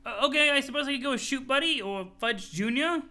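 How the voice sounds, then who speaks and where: A man's voice: very high voice, fast talker, bright, forceful tone, voice pushed up, exaggerated voice. A man reading the lines of a folksy, clueless young adventurer aloud on a stream, with old-fashioned, polite and oblivious wording. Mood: sheepish.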